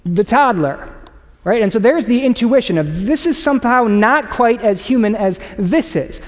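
A man delivers a sermon in a casual, storytelling way and acts out little exchanges. His voice sits high for a man. A long reverb trails behind him, like a church auditorium. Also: moderate pace. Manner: conversational, animated storytelling with acted quotes. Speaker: pastor. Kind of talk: sermon to a congregation.

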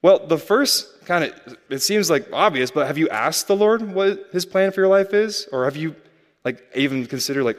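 A man's voice: a little high, animated, moderate pace, big-room sound. A young adult man preaching a sermon in a casual, conversational way, often asking the listeners rhetorical questions. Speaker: pastor.

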